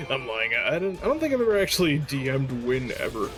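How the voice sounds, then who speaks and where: A man's voice: mid-range voice, wildly swooping pitch, normal speed. A man co-hosting a let's play, chatting casually, teasing and laughing often. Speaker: co-host. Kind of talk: casual chat over gameplay. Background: game music.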